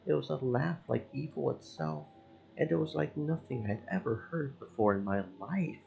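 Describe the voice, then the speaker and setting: A man streaming a game, reading its story text aloud in slow, measured narration. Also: mid-range voice, sing-song, creaky, darkish tone, a little hiss or hum, rough recording.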